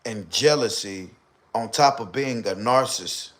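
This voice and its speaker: A man's voice: mid-range voice, unhurried, fairly bright tone. A man talking casually on a live stream. He comments animatedly and repeats points for emphasis.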